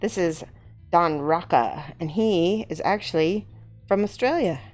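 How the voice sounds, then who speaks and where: A woman host chatting excitedly on a live stream as she shows off a miniature she is painting. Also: on the low side, unhurried, soft background music. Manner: chatty and excitable, often laughing. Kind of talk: casual live-stream chat.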